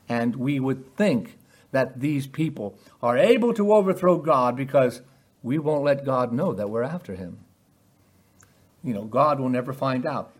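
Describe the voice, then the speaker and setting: A man with a medium-pitched voice preaches a sermon, posing rhetorical questions. He acts out quoted lines with animated emphasis.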